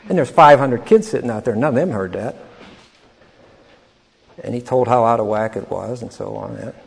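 A man's voice: mid-range voice, moderate pace, gravelly, pauses often, breathy edge, in a large hall. An older man telling a personal story in a rambling, chuckling way, often repeating words. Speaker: speaker telling his life story. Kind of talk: anecdotal storytelling talk.

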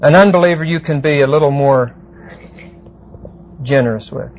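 A man teaching a verse-by-verse Bible class, explaining Greek words deliberately and often asking the class "see?". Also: on the high side. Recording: muffled lo-fi classroom tape with faint hiss.

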